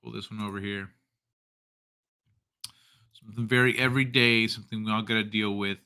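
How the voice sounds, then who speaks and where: A man hosting a casual livestream, reading viewer comments aloud in an unhurried, joking way and chuckling often. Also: lowish voice, flat delivery, bright, forceful tone, clean tone. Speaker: livestream host.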